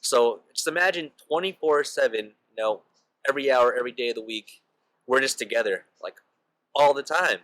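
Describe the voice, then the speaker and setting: A man's voice: medium pitch, moderate pace, fairly bright tone, poor audio. A young man casually telling a personal story as a vlogger, peppering his talk with "like" and "you know.". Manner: chatty, heavy use of "like" and "you know" fillers.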